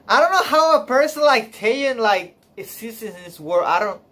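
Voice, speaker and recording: Close to tears on a live stream, a man gushes emotionally in halting speech packed with fillers, sighs and laughter. His voice is very high, bright and expressive, with a forceful tone.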